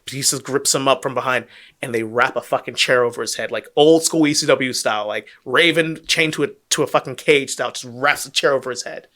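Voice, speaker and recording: Bright-voiced, excitable profane podcaster man. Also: mid-range voice, a little fast. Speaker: podcast co-host. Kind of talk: casual podcast chat.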